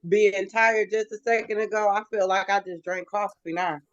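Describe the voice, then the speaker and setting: A woman's voice: mid-range voice, steady tone, moderate pace, no echo. A woman speaks casually on a group video call and laughs easily. Her audio is muffled and dull, with a dry, close sound. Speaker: call participant.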